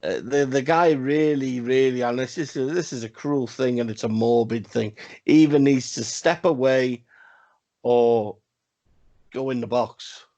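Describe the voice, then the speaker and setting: A man's voice: mid-range voice, a little slow, darkish tone, lo-fi sound. A man co-hosting a casual wrestling podcast, talking in a rambling, profane way with emphatic repeats. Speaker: podcast co-host.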